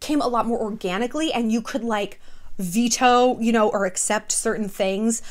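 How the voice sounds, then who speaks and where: A woman vlogger talking casually to her viewers in an animated, gossipy way, blunt and a little profane, with lots of "like.". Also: a little high, normal speed. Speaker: vlogger host. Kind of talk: casual chatty commentary. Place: small city apartment.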